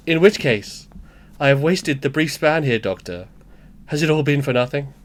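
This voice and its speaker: Man doing a put-on Welsh accent, earnest Victorian gentleman, lively pitch. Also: measured pace, a little hiss or hum. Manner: earnest monologue, accent keeps slipping.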